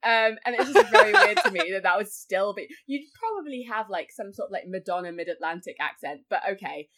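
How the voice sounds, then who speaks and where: A woman's voice: mid-range voice, sing-song, brisk, a bit bright. A woman talking as a guest on a podcast in casual chat. She fills her talk with "like" and often acts out other people's voices. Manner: chatty, full of likes, acts out voices.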